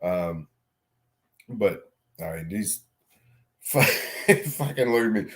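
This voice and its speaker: Profane, rambling man with a low voice. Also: expressive, takes it slowly, long pauses, a bit bright. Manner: rambling, profane, self-mocking, laughs a lot. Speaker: vlogger. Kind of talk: casual storytelling vlog.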